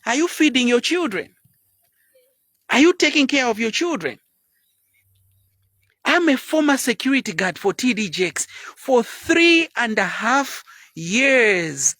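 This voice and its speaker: A man in his fifties preaches bluntly in a live motivational talk. His pitch swings all over the place as he pushes his point. The sound is close and dry, with no room around it. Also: no echo. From Zambia. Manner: blunt, preachy, drops into sudden quiet asides. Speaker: motivational speaker.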